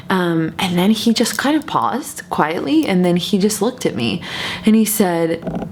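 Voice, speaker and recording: A woman's voice: mid-range voice, unhurried, a little hiss or hum. Chatty young woman telling a story. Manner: chatty, animated, many fillers and repeats. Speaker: vlogger. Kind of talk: casual storytelling to camera.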